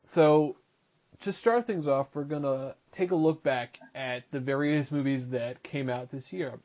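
A man hosting a casual podcast chat, introducing guests and running through topics in quick, chatty rundowns. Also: medium pitch, darkish tone, lo-fi sound. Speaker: podcast host.

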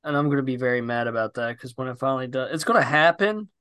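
A young man, chatting casually as a co-host in a blunt, animated, profane way. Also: medium pitch, fast talker, smooth, dry recording, clean studio sound. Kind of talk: casual chat.

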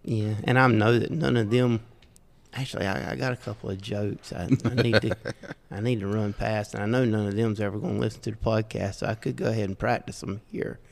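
Middle-aged southern guy from georgia, gravelly voice, chuckles a lot telling folksy stories, sounds like a big echoey room. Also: on the low side, fairly even intonation, brisk. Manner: chuckles often, folksy, self-deprecating. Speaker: podcast guest. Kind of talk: casual storytelling. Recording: roomy with long reverb.

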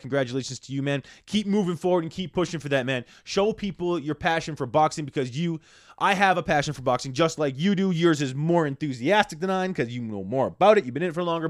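Fast-talking, profane podcast host. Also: male voice, on the high side, dry recording, studio quality. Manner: rambling, profane, full of fillers. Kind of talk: casual podcast monologue.

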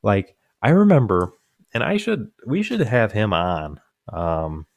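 Deep-voiced young man telling rambling stories. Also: huge pitch swings, slow, no echo. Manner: rambling storytelling with many fillers and restarts; laughs through his own stories. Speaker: podcast co-host. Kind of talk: casual chat.

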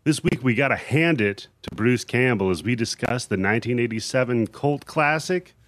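A young man hosting a horror movie podcast, talking in a relaxed, joking way and swearing casually. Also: medium pitch, moderate pace, a little hiss or hum. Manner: laid-back, jokey, swears casually. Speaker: podcast host.

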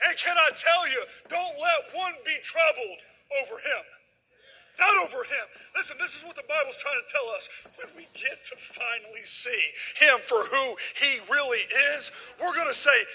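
Middle-aged man preaching, high, folksy, swings loud to hushed. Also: moderate pace, poor audio. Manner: casual dialect grammar. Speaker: guest preacher. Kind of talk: sermon.

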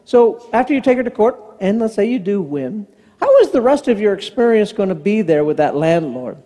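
A man preaches with a notably high voice, acting out conversations as he tells his stories. His voice rings out into a church sanctuary with a long reverb behind it. He is plainly a pastor working the room. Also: brisk. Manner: storytelling preacher acting out dialogue, animated. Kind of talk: sermon.

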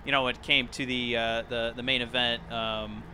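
A man's voice: mid-range voice, little pitch movement, moderate pace, background noise. A man co-hosting a podcast in casual chat, rambling and searching for words as he goes. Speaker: podcast co-host.

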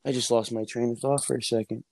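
A man's voice: mid-range voice, steady tone, fast, gravelly, a little mellow. A man from New Jersey, a podcast guest, telling stories in casual chat with restarts and easy laughs, recorded at an outdoor barbecue on earbuds. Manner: storytelling, restarts, laughs easily.

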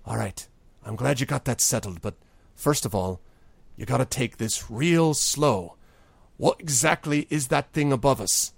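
A man's voice: medium pitch, unhurried, vocal fry, slightly rough, no echo, pitched above the performer's own voice. A man voicing a weary, earnest male innkeeper who was made mayor in a tabletop game. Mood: bewildered.

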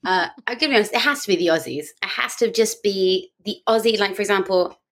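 A woman's voice: mid-range voice, quick pace. Chatty young British woman. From Britain. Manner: animated storyteller, breezy and self-mocking. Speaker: guest. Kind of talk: casual podcast chat.

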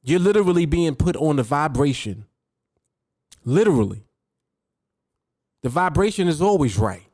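Male podcast host and coach, higher voice, animated and emphatic, dry close sound. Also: normal speed, pauses often, no echo. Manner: emphatic, repeats key words, addresses the listener directly. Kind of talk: motivational podcast talk.

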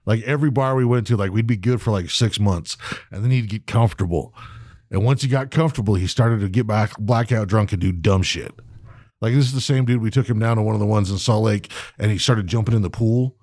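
A man's voice: fairly low pitch, fairly quick, darkish tone, dry recording, clean studio sound. Profane rambling storyteller man. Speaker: podcast co-host. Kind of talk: casual chat.

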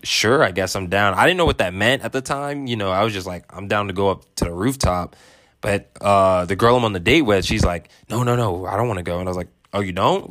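A man's voice: fairly low pitch, fairly bright tone, no echo, clean studio sound. A young man telling a story casually, laid-back and rambling with lots of fillers. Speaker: vlogger.

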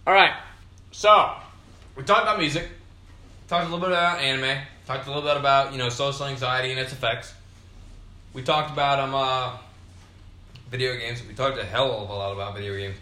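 This young man's podcast monologue rambles casually, profane and full of fillers, as a bit of beer loosens him up. He speaks fairly quickly at medium pitch with fairly even intonation and long pauses, his tone bright and forward. A noticeable room echo surrounds him.

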